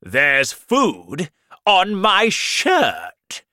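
A man voicing a vain, cruel king who shouts slow, loud commands in a told story. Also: on the high side, huge pitch swings, dry recording, studio quality, voice pushed up, exaggerated voice. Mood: angry.

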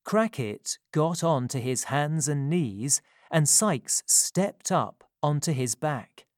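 Slow, careful storybook reader. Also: mid-range voice, lively intonation, no echo, clean studio sound. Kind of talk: scripted storybook narration.

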